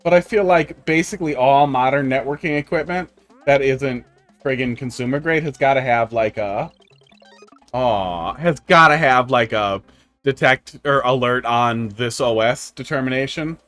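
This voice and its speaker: Speaking at normal speed in a mid-range, fairly bright voice, a man chats with viewers during a casual video game live stream. Faint music runs underneath as he rambles through profane tech stories with deadpan humor.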